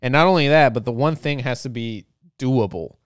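Male vlogger, mid-pitched, smooth tone, dry close sound; casual profane rambling, joking. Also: normal speed, no echo. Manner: profane, joking, full of fillers.

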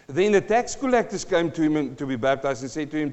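A man preaching a sermon, emphatic with big swings in loudness and pitch and wry, teasing asides. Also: expressive, fast. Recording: long hall reverb, dull lo-fi sound.

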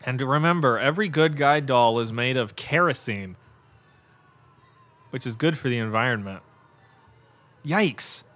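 A man's voice: medium pitch, lively intonation, unhurried, long pauses, a bit bright. A man hosting a podcast, giving casual live watch-along commentary on a movie, reacting aloud with exclamations, swearing and laughs. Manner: casual and profane, with lots of fillers like "like" and "God". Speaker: podcast host.

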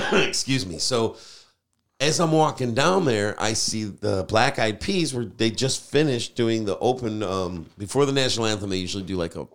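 A man, a podcast host and DJ, telling a story in casual chat, animated and swearing freely. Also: on the low side, normal speed.

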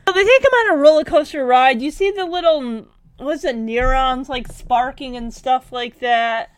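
Woman, high voice, dry close sound, chatty, animated, casual retelling. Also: normal speed, clear, resonant tone, no room sound. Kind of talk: casual recap of a cartoon episode.

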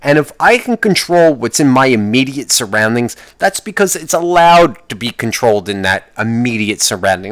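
A young man vlogging in a rambling, profane rant, his voice swinging widely up and down as he fires off complaints. He restarts sentences and swears in almost every line, flaring into loud outbursts before dropping back to a muttered aside. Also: mid-range voice, big pitch swings, moderate pace, few pauses, no room sound.

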